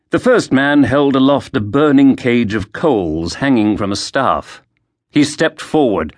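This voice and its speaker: Guy reading an audiobook, really lively up and down pitch, dry close studio sound. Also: no echo. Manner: lively, expressive storytelling. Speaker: audiobook narrator. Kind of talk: scripted narration.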